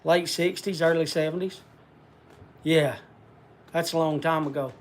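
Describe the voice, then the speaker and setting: A man's voice: on the high side, steady tone, unhurried. An older man hosting a casual livestream, rambling in a folksy country way and answering viewer comments. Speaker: livestream host.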